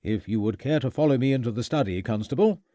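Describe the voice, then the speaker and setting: A man's voice: medium pitch, animated, quick pace, mellow, no echo, close to an everyday voice. A firm, proper clergyman in a period mystery audiobook, as a narrator voices him. He speaks formally and with slight raised emphasis. The recording is dry and close.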